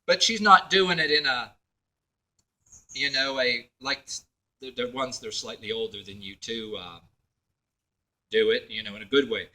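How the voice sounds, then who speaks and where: Man, rambling vlog story, filler-heavy, restarts, sharp bright voice. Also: a little high, measured pace, long pauses, low-quality recording. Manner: meandering, full of fillers and restarts, acts out others' lines. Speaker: video blogger. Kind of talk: rambling personal story to camera.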